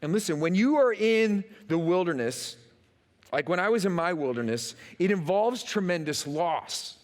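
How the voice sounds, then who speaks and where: A pastor delivers a sing-song sermon at a moderate pace, his slightly high voice swinging widely in pitch. He acts out quotes and repeats words for emphasis, and the big church hall gives it a long echo.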